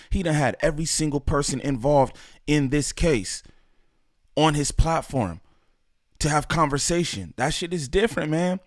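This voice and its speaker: A man hosts a reaction video, speaking directly to his viewers in an animated, casual way full of slang. His voice sits at a medium pitch, and the recording is dry and studio quality.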